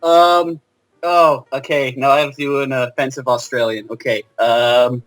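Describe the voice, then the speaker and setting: A man's voice: medium pitch, level tone, moderate pace, a bit bright, soft background music. A man appearing as a guest on a casual podcast, playful and eager.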